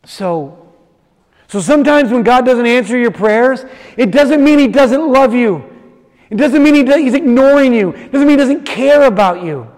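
In a large, reverberant hall, a pastor preaches at normal speed with an extremely high, darkish and animated voice. He retells a story using acted-out voices before speaking directly to those gathered.

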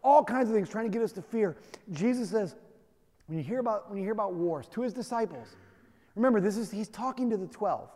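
High-voiced man preaching in a reverberant hall. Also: animated, a little fast, warm tone. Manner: conversational, emphatic, self-deprecating humor. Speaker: pastor. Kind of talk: sermon.

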